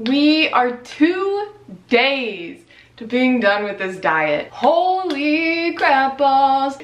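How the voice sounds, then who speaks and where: A young woman vlogging in a casual, rambling way. She talks in a chatty, excitable and emotional manner. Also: medium pitch. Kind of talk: casual diet vlog chat.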